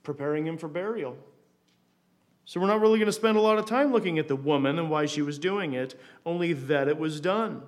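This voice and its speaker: Male Bible teacher, fairly high voice, conversational, stumbles and repeats words, leans on rhetorical questions. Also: a little fast.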